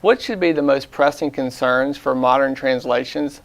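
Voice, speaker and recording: A man asking interview questions, halting and rephrasing as he goes. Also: medium pitch, creaky.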